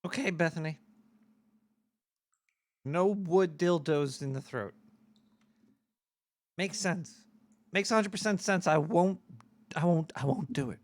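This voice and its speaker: Nick the Rat, a gravelly, high-voiced cartoon rat played by a man. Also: takes it slowly, long pauses. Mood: joking. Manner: rambling, jokey, loose. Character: paranoid male cartoon rat radio host. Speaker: radio show host. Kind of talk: comedic call-in radio show.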